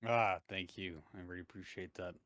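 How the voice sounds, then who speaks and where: Man with a smooth, lowish voice. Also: steady tone, brisk, fairly bright tone, no room sound, clean studio sound. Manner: hesitant, casual. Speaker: player. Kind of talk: tabletop game play.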